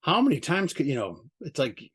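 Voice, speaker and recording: A man's voice: fairly high pitch, big pitch swings, a little fast, fairly bright tone, husky. Blunt, profane man. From United States. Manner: blunt, profane, mocking asides. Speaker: record label owner being interviewed. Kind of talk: casual interview talk.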